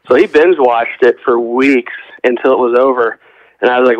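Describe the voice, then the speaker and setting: A man's voice: medium pitch, steady tone, fast talker, no echo. A middle-aged man chats as a podcast guest, winding through long anecdotes and acting out what others said. His voice is dry and close. The audio is dull and lo-fi. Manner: rambling storyteller, quotes others in conversation. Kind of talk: casual chat.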